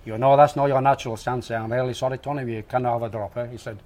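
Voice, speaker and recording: A former golf caddie, a man, telling anecdotes in a relaxed interview and acting out the dialogue. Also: mid-range voice, rapid-fire. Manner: animated, acts out quoted dialogue. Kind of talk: casual anecdotal storytelling.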